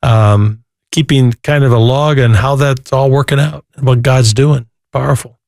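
A man's voice: mid-range voice, steady tone, moderate pace, gravelly, darkish tone, no echo, clean studio sound. A man hosting a Christian call-in radio show, speaking earnestly and preaching between calls. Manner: earnest, preachy, repeats words.

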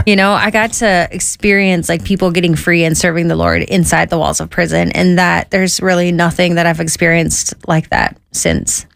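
A woman with a slightly low voice tells her life story as a guest, casual and lively. She keeps slipping into quoted voices to act out what people said, full of "you know" and "I was like". The sound is dry and close. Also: normal speed, gravelly, few pauses, no room sound. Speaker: guest sharing her testimony.

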